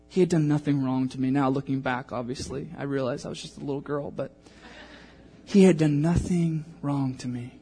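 A man's voice: mid-range voice, normal speed, gravelly, soft background music. A man in his thirties preaching a sermon, telling a personal story and acting out the voices in it. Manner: animated storytelling, acting out quotes. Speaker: pastor.

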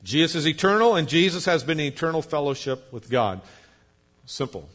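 A pastor preaching a sermon, explaining patiently, spelling out words, with light jokes for the congregation. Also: male voice, fairly high pitch, big pitch swings, a little fast, a bit bright. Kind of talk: sermon teaching.

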